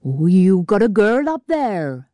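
A woman voicing a jeering Welsh male miner who speaks in a high, taunting way. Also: sing-song, slow, warm tone, dry recording.

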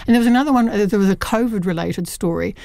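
A woman's voice: medium pitch, fast talker, creaky, dark tone, no room sound, clean studio sound. A woman reviewing a short story collection in an earnest, chatty way, with many fillers and restarts. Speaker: book reviewer. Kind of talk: radio book review chat.

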